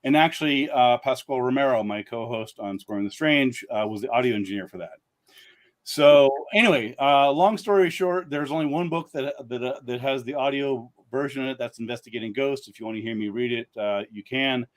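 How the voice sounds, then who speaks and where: A man's voice: mid-range voice, brisk. A man speaking as a guest author in a casual live-stream chat, rambling with lots of "uh" fillers and restarts.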